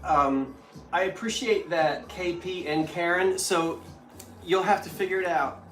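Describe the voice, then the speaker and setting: A woman's voice: lowish voice, measured pace, distant mic. A woman hosting a live stream on antiques, chatting casually and telling stories. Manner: chatty, animated storytelling. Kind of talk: casual chat. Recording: echoey room with faint music.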